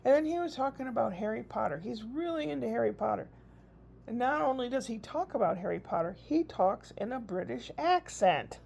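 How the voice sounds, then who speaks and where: Gravelly-voiced older grandmother rambling. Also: on the high side, animated, brisk, darkish tone, slight background noise. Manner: chatty, rambling, frequent laughs. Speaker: vlogger. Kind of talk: casual rambling video diary. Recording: dull lo-fi recording.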